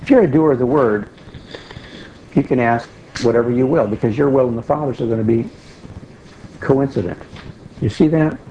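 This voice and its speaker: A man's voice: mid-range voice, normal speed, pauses often, warm tone. A man giving a conversational Bible teaching, explaining patiently and repeating key phrases for emphasis. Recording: dull lo-fi recording with faint hiss.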